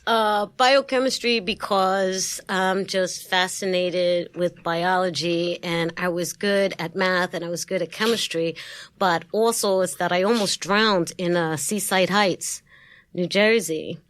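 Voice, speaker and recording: A woman with a Brooklyn, New York accent is a guest in a studio interview, telling stories casually at a measured pace in a lowish voice with no echo. She's a lively storyteller who laughs often and acts out the voices of the people she quotes.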